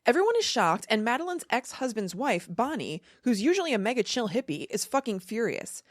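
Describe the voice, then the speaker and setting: A woman's voice: on the high side, sing-song, a little fast, dry recording, clean studio sound. A woman hosting a book-club podcast, summarizing a novel in a breezy, joking way with casual swearing. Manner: breezy, profane, summarizing with jokes. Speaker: podcast host.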